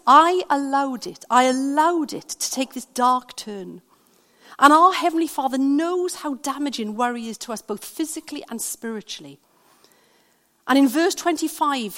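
Welsh lady preacher, kinda high voice, chatty storytelling, big echoey hall. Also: moderate pace. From Wales. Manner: storytelling, animated, conversational. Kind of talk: sermon. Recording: long hall reverb.

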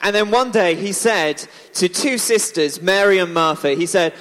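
Playful storyteller for a church children's talk; high voice, big hall reverb. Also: male voice, moderate pace, hardly any pauses, fairly bright tone. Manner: chatty, playful, asks the audience questions. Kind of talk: lively storytelling to a congregation. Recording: echoey hall.

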